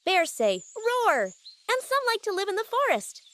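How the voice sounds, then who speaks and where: A woman hosting a children's lesson, reading scripted narration for toddlers in a sing-song voice, naming each word slowly and with exaggeration. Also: very high-pitched, wildly swooping pitch, a bit bright. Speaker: children's educational host.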